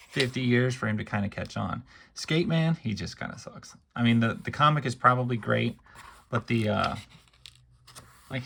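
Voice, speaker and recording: A man's voice: medium pitch, vocal fry, a bit bright, slight background noise. A man giving wry, offhand running commentary while paging through a book, with plenty of ums and uhs. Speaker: book reviewer.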